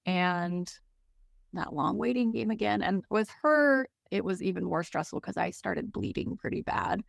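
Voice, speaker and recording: A woman's voice: medium pitch, measured pace, gravelly, dry recording, studio quality. A woman as an interview guest, telling a personal story candidly and emotionally, with many "like"s.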